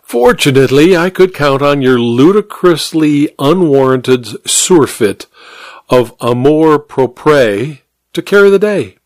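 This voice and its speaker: A man voicing a smug, raspy woman killer. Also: fairly high pitch, takes it slowly, no echo. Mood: gloating. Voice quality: slightly raspy. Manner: calm, mocking, smug. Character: cold, gloating woman killer.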